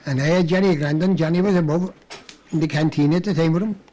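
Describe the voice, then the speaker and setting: A man's voice: on the high side, steady tone, quick pace, mellow. An older man, telling rambling anecdotes in an oral history interview, chuckling and restarting as he goes.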